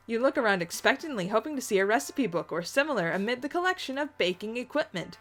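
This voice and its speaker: Let's play host, young woman reading a visual novel with chatty asides, fairly high voice. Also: very animated, fast, few pauses, faint music behind.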